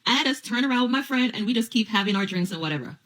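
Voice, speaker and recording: A woman casually telling a personal story to camera, playful and animated, acting out what people said. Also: medium pitch, racing. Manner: animated, playful, acts out quoted voices.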